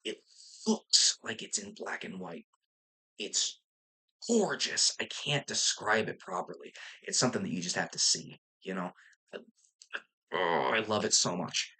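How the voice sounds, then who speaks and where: A man's voice: deep voice, sing-song, measured pace, bright, forceful tone, breathy edge. A young man talking casually and enthusiastically about a film, rambling with fillers and restarts and casual swearing. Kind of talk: casual movie review vlog.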